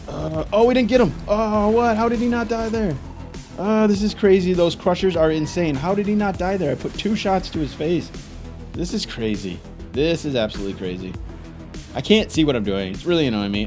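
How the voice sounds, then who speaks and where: Frantic young man, lively gaming commentary. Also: a little high. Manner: frantic, exclaiming, frustrated. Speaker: gaming YouTuber. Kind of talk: gameplay commentary.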